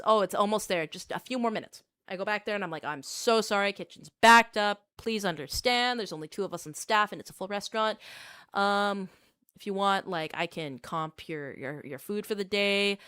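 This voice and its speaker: A woman's voice: medium pitch, sharp tone, smooth, no room sound, studio quality. A young adult woman streamer telling a rambling personal story in casual chat, with plenty of filler words.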